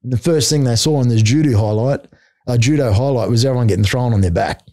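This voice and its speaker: A man's voice: mid-range voice, fast, warm tone, no echo, studio quality. A middle-aged man with an Australian accent, a martial arts coach telling stories as a podcast guest in a blunt, casual way, swearing freely and saying "mate" and "like" a lot. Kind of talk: casual storytelling chat.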